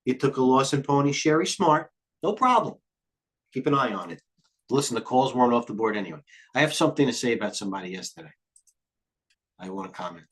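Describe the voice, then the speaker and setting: Here a middle-aged man runs a live market commentary stream, rambling and veering off on tangents. He has a mid-range voice with lively intonation. He's blunt, thinks fast, and lets the odd curse slip.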